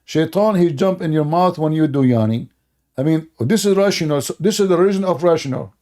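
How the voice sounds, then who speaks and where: Sarcastic man with a higher, mellow voice. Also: a little fast. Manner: sarcastic, mocking, laughs at own points; broken, non-native English grammar. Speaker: online religion critic. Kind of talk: mocking commentary monologue.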